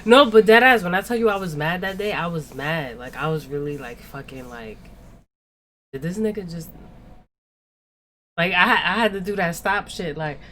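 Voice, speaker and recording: Low-voiced woman venting, swearing freely. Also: normal speed, long pauses, a little hiss or hum. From Spanish-speaking background. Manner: animated, profane venting with lots of "like" and "yo". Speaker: podcast co-host. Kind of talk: casual storytelling chat.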